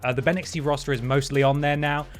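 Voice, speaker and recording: A livestream host with a slightly high voice talks fast and steadily over faint background music. He chats wryly about his game, thanks his viewers, and lets his voice jump playfully.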